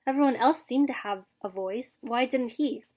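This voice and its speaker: Casual: teacher lady reading a kids book out loud, soft and steady, kinda high voice. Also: normal speed. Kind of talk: reading a chapter book aloud for a lesson.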